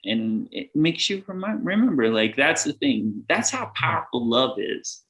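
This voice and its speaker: A man's voice: medium pitch, sing-song, unhurried, a bit bright. Middle-aged guy rambling earnestly, lots of "you know", laughs a bunch mid-sentence. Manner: laughs often while talking. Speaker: guest. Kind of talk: casual podcast conversation.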